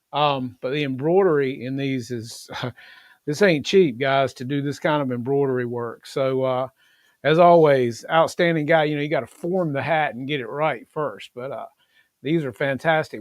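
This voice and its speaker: A man's voice: mid-range voice, dry recording. A middle-aged man hosts a casual livestream, talking in an earnest, rambling way full of fillers. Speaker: livestream host.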